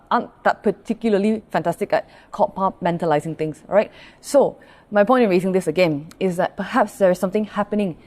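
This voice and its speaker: Woman pastor, livestream Q&A talk, mid-range voice, relaxed, chatty, full of everyday examples. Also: mid-range voice. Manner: conversational, often checks in with "all right?"; greets online viewers by name mid-talk.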